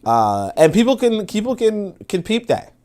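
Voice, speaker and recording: A man's voice: high voice, huge pitch swings, moderate pace, darkish tone. A man hosting a live stream, rambling in casual commentary with lots of fillers and swearing.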